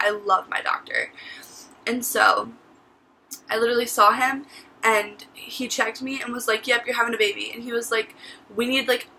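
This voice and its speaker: A woman's voice: fairly high pitch, gravelly, sharp tone, slight background noise, low-quality recording. A teenage woman telling her story to camera in a casual vlog, chatty and full of "like" and "literally.". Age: teens. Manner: chatty, says "like" and "literally" a lot. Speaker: vlogger.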